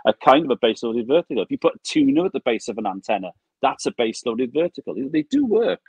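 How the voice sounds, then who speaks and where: A man's voice: medium pitch, expressive, quick pace, darkish tone, breathy edge, dry recording, rough recording. A man with a British accent, a guest on a talk show, patiently explaining technical ideas in casual chat. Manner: explains patiently, gestures while talking.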